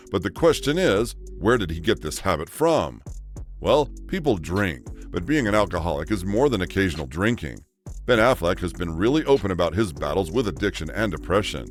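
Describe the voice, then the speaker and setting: A man narrating a scripted countdown of celebrity stories. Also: low-pitched.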